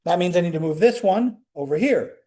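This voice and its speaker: A man's voice: high-pitched, fairly quick. A man teaching a calculus class live, walking students through each step and asking them questions as he goes. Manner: animated, talks students through steps with questions. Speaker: calculus lecturer.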